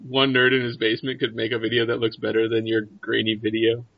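A man running a tabletop game as game master, talking in a lively, amused way. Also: medium pitch, quick pace, dry recording. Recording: dull, dry lo-fi recording.

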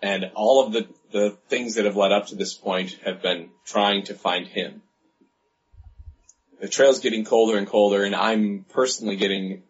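A man playing a tabletop role-play game, speaking earnestly and measured. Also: fairly low pitch. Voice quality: husky. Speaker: player. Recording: dull, lo-fi audio.

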